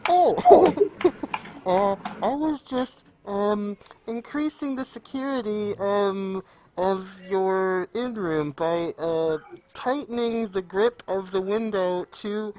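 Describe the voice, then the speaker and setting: A woman voicing a shifty male burglar caught in the act, who stammers out hesitant excuses in an unhurried way. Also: mid-range voice, warm tone, natural voice. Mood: sheepish.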